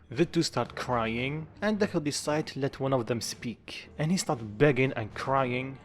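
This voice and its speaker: A man's voice: mid-range voice, normal speed, few pauses. A man reading a dramatic fan-fiction story aloud and doing every part himself, with small grammar slips. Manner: reads all lines himself, quotes only lightly acted; non-native grammar slips. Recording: faint music behind the voice.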